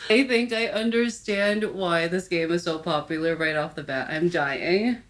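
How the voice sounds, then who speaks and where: A young woman in her twenties giving casual, excitable commentary while playing a VR game, bursting into squeals and laughter when startled. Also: on the low side, moderate pace. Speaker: VR gaming YouTuber.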